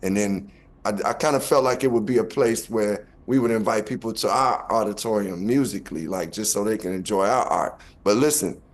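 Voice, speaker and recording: A man with a Chicago accent, a guest rapper telling an animated story and acting out quotes with laughter. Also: on the low side, brisk. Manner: acts out quotes, laughing, back-and-forth.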